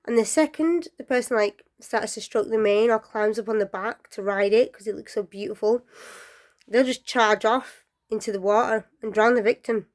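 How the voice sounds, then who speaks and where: A woman telling folklore stories casually, chatty and rambling with asides and fillers, often dropping to a soft near-whisper. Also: a little high, moderate pace. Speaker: storyteller.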